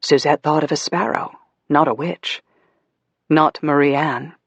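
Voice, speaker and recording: A woman reading a novel aloud as an audiobook narrator, in a measured, even storytelling manner. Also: sits low, slightly rough, no room sound.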